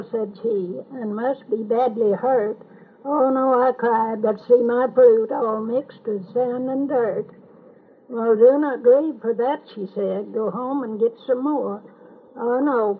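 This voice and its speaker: Old lady saying a poem by heart, real slow, a bit husky, thin tinny home tape. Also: on the high side. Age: older. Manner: slow, measured, sing-song recitation. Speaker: family elder reciting a poem. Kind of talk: poem recitation.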